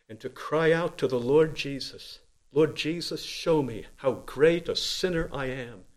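A man preaching a sermon in an earnest voice, swinging from loud emphatic lines to quiet low ones.

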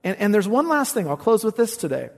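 A man's voice: high-pitched, sing-song, fast talker, creaky. Man preaching in an echoing hall. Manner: emphatic scripture reading, soaring on quoted verses. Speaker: pastor. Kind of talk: sermon. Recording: long reverb of a large hall.

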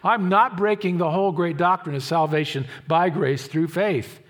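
A man pastor preaching a sermon, emphatic, repeating key phrases slowly and asking the congregation questions. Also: sits high.

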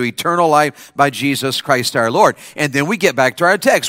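A man's voice: a little high, expressive, moderate pace, few pauses, bright, forceful tone, no room sound, clean studio sound. A man preaching a chapel sermon. He keeps quizzing and coaxing the congregation to answer him. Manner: call-and-response, coaxing the audience to answer. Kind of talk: lively sermon to students.

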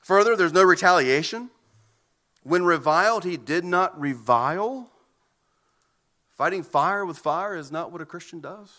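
Earnest high-voiced preaching man. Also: lively intonation, a little slow, long pauses, bright, forceful tone. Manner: earnest preaching with frequent repeated words. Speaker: pastor. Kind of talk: sermon.

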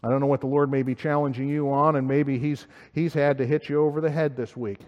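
A man's voice: little pitch movement, fast, muffled recording. Earnest preaching man in a hall. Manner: earnest, rising emphatically then dropping low and quiet. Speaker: pastor. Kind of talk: sermon. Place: church sanctuary.

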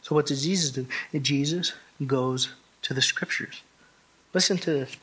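A man's voice: mid-range voice, moderate pace, a bit bright, slightly rough. A man preaching an expository sermon, emphatic and conversational, often restarting phrases and asking the congregation rhetorical questions. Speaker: pastor.

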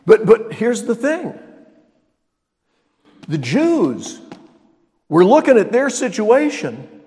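An older man preaching a sermon as pastor, emphatic, swinging between loud exclamations and quiet asides. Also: sits high, big pitch swings, slow pace, long pauses. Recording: long reverb of a large hall.

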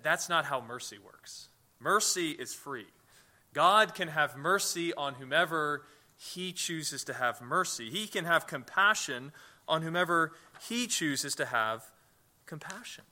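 A man's voice: on the high side, bright, forceful tone. A man preaching a sermon as pastor, in a conversational way, often repeating words as he starts sentences and asking the listeners rhetorical questions. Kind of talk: sermon teaching.

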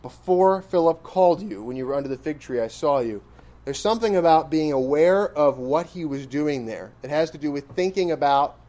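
A man's voice: on the high side, expressive, moderate pace, dark tone. A man preaching an expository sermon in a conversational style, questioning his listeners and pressing points with emphatic rises. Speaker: pastor.

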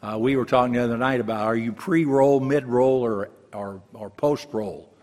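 A man's voice: mid-range voice, normal speed, a little mellow. A man in his seventies, a pastor giving a folksy, rambling sermon with humor and frequent restarts. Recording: long hall reverb.

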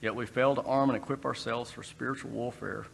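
A man's voice: mid-range voice, fairly even intonation, fairly quick, vocal fry. A man giving a conversational sermon, breaking into brief acted quotes. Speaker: preacher. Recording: long reverb in a hall, faint background noise.

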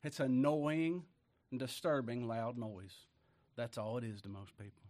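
Speaking at a medium pitch with fairly even intonation, a man gives a sermon. Scripture is read deliberately and with weight, his volume moves between loud stresses and quiet asides, and he chuckles often.

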